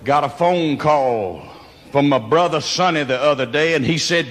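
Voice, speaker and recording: A man's voice: on the high side, normal speed, a bit bright. A man with a Mississippi accent telling a Southern comedy story in a folksy drawl, whooping as he goes. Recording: long hall reverb.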